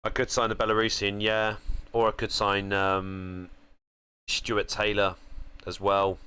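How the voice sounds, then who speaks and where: A young man with a low voice gives casual commentary over a game. His tone is bright and crisp. He chats and thinks aloud, now and then breaking into excited outbursts. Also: unhurried. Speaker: gaming channel host.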